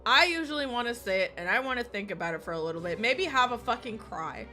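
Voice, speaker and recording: A woman's voice: a little high, lively intonation, quick pace, sharp tone, soft background music. A woman streamer chatting casually while gaming, swearing constantly and laughing often as she rants. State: recovering from illness.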